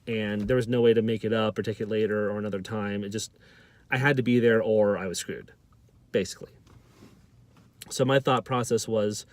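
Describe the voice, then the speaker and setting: A man's voice: on the low side, steady tone, moderate pace, pauses often, no room sound. A man vlogger telling a personal story to camera, often stammering and repeating words.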